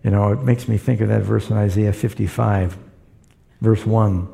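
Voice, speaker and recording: Man, preacher, gravelly, mellow tone, storytelling sermon. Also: fairly low pitch, fairly even intonation, normal speed. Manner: storytelling, acts out quoted voices.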